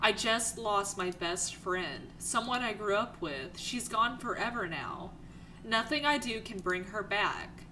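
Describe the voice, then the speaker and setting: A woman's voice: medium pitch, bright, forceful tone, slight background noise, poor audio. A young woman hosting a let's play, reading the game's text aloud between her own reactions.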